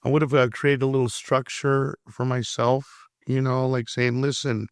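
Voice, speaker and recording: A man on an interview tells his story in an earnest, impassioned way, repeating words as he hunts for the right one. His voice sits at a middle pitch. The sound is dry and close. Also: flat delivery, normal speed, smooth, no room sound. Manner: frank and impassioned, repeats words as he searches for them. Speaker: recovery counselor guest.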